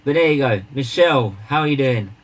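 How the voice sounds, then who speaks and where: A man's voice: medium pitch, a little fast, rough recording. Rambling man hosting a livestream. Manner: rambling, repetitive banter, bursts of excited emphasis. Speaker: charity livestream host. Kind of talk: casual livestream chat.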